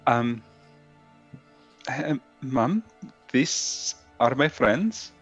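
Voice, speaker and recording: A man's voice: medium pitch, animated, extremely slow, breathy edge, soft background music. Hesitant man role-playing a tabletop character. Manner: hesitant, full of ums. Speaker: player.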